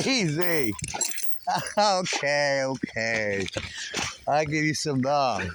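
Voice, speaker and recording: A middle-aged garage owner shows off his rescue dogs in a casual vlog from an overgrown backyard with dog pens, chatty and easygoing, chuckling often and cooing to the dogs. His voice is on the high side and very animated, though extremely slow with frequent pauses. The audio, from a camera on a swinging makeshift mount, is noisy with dogs barking outdoors.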